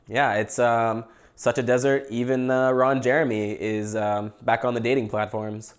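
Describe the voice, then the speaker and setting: A man's voice: mid-range voice, level tone, moderate pace. Young Canadian man, loose joking host, talks through his food. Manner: rambling, joking, eating while talking. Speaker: podcast host. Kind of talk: casual livestream chat.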